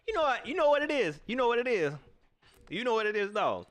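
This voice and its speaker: A man hosting a casual sports talk livestream, ranting at viewers in an animated way and laughing often. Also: very high voice, fast. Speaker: sports talk show host.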